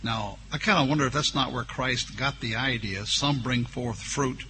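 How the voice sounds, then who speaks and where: Against background noise, a man with a mid-range voice preaches a sermon. He reads scripture aloud, lingers slowly on key words, and voices the objections his listeners might raise.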